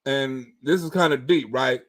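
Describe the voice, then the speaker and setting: A man's voice: mid-range voice, moderate pace. A man hosting a casual video commentary, talking animatedly, swearing and often tagging his lines with "right?". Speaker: commentary host.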